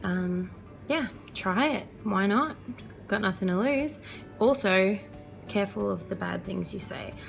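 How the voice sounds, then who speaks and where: A woman's voice: mid-range voice, expressive, unhurried, creaky, faint music behind. A young woman, chatting earnestly and casually as a mother giving parenting advice, laughing often. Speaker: vlogger and mother.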